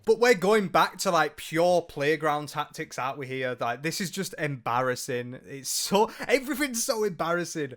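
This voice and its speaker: Exasperated British man, fairly high voice. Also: very animated, moderate pace, hardly any pauses, fairly bright tone. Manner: exasperated, sarcastic, swears freely. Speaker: commentary channel host. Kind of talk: ranting commentary.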